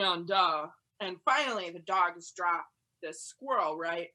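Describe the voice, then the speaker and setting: A woman doing stand-up from home over a video call, rambling and chatty with lots of "like", breaking into loud yelled quotes. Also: medium pitch, moderate pace. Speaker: stand-up comedian.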